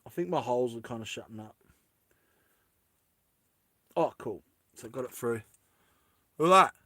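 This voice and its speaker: A jewellery-making streamer chats playfully with viewers as he works on earrings, often joking and giggling. His mid-range voice is expressive and sharp in tone, at a moderate pace, captured in a dry recording.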